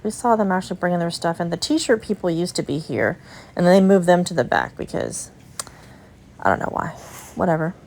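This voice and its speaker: A young adult woman vlogger with a slightly low voice, chatting casually as she walks and shows things off. She gushes to her viewers, friendly and talkative. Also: lively intonation, a little fast, gravelly, darkish tone, slight background noise. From United States. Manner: chatty and gushing, talks to viewers. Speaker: vlogger and resale booth owner. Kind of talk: casual vlog chat while walking a shop.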